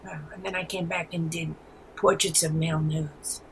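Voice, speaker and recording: A woman in her seventies with a New York accent, telling rambling, animated stories as an interview guest. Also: low voice, moderate pace, gravelly, a little hiss or hum, low-quality recording. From New York City. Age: 70s. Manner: rambling, animated storyteller with frequent restarts. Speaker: guest artist. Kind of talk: casual interview.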